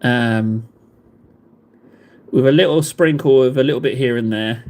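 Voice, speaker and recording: A livestream host with a southern English accent chats casually with his live viewers in a rambling, self-mocking, jokey way. His voice is medium-pitched and darkish, at a measured pace.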